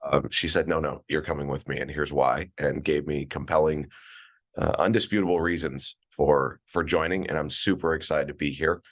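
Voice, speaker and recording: A man in his forties with a very deep, low-pitched voice, chatting as a podcast guest. He tells stories in a loose, relaxed way, full of fillers and restarts. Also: moderate pace. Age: 40s. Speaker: guest, events director. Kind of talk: casual interview chat. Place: at a conference, remote call.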